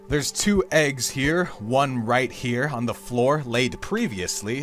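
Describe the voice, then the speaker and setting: A man hosting a gameplay video, rambling with absurd jokes and calling the listener dude. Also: fairly high pitch. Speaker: gaming video host.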